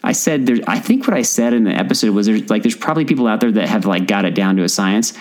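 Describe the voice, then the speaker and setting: A man's voice: lowish voice, fast, rough recording. A young man co-hosting a podcast in casual chat. He teases his co-host and laughs often.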